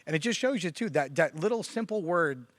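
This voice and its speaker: A man chatting casually on a church talk show, telling stories with animated quoted lines. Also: brisk, no room sound. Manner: animated storyteller, quotes others with raised pitch. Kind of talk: casual conversation.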